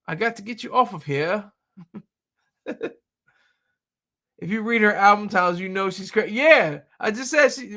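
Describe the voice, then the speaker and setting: A man hosting a casual livestream, riffing and joking with lots of laughter. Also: high-pitched. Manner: laughs often, animated, jokey riffing. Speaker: livestream host.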